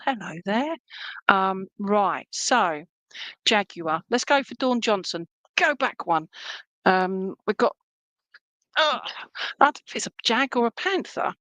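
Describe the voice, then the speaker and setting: A woman's voice: mid-range voice, fairly bright tone, dry recording, poor audio. A woman giving live psychic readings to viewers, chatty and meandering, full of fillers and checks like "okay?". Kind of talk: live-stream reading, casual chat to viewers.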